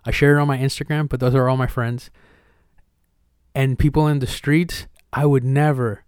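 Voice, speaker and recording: A podcast host chats casually and candidly, using slang and swearing, and energetically acts out the conversations he retells. His mid-range voice is a little mellow and clean, with flat delivery at normal speed, recorded dry with clean studio sound.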